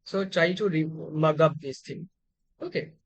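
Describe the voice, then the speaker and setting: A man's voice: on the high side, a little slow, slight background noise. A man teaching a literature lecture, explaining terms step by step with frequent fillers and restarts. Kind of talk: exam-prep lecture.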